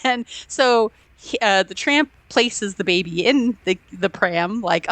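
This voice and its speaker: A woman's voice: fairly low pitch, moderate pace, few pauses, a bit bright, dry recording. A woman co-hosting a podcast, enthusiastically retelling film scenes with acted-out quotes and frequent laughter. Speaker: podcast co-host. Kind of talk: casual film discussion.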